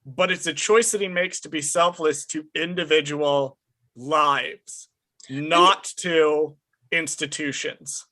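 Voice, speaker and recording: A man's voice: a little high, steady tone, slow pace, bright, forceful tone. A man discussing analytically and bluntly on a casual podcast, swearing casually. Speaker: podcast host.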